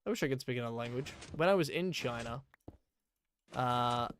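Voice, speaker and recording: A man's voice: medium pitch, moderate pace, slight background noise. A man chatting casually and rambling while playing a game on a live stream, with many fillers.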